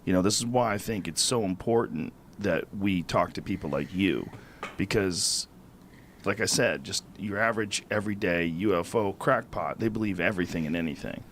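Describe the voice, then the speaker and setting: A man's voice: deep voice, normal speed, fairly bright tone, slight background noise. A man hosting a podcast, talking casually and asking his guest follow-up questions. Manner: conversational, asks follow-up questions. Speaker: podcast host. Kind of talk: interview questions.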